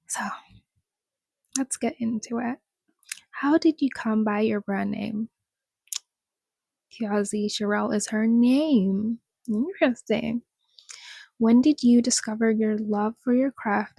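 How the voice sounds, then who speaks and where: Slow, gravelly-voiced woman vlogger. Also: a little high, darkish tone, dry recording. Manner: mocking, laughs often, addresses viewers as y'all. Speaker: commentary vlogger. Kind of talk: casual commentary reading an article aloud.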